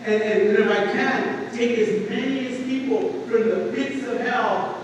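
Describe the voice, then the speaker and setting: A man's voice: extremely high pitch, unhurried. A middle-aged man preaching an informal sermon in a church, earnest and conversational with homey humor. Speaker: pastor. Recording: echoey hall, voice from far off, faint noise.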